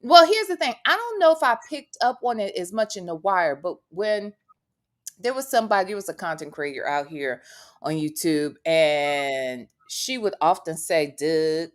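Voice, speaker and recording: A woman's voice: on the low side, lively intonation, moderate pace. A woman from the Midwest hosting a casual talk show, blunt and emphatic with frequent swearing. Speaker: podcast host. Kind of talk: casual chat.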